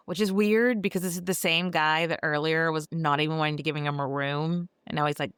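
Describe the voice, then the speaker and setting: A woman's voice: sits low, fairly even intonation, a little fast, hardly any pauses, fairly bright tone, clear, resonant tone, no echo. A woman podcast host recapping a classic novel in a breezy, gossipy, irreverent way, with swearing, on a close mic. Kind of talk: casual book recap.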